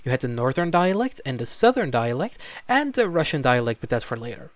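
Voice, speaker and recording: A man's voice: mid-range voice, big pitch swings, brisk, dry recording. A man narrating an educational video in a scripted style, with wry, casual asides and sudden emphatic jumps. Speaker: language video creator.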